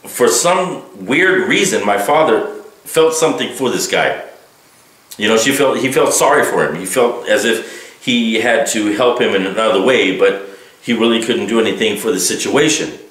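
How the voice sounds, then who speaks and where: A man's voice: mid-range voice, fairly bright tone. Man telling a story in an echoey room. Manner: conversational, keeps checking in with "right?" and "fam". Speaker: vlogger. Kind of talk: casual personal storytelling.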